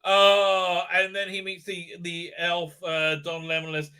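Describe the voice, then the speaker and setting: A man hosting a live stream, recapping an episode in a rambling, profane rant, stammering through fillers and mocking the characters in quick put-on voices. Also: sits high, monotone, bright, forceful tone, clean tone.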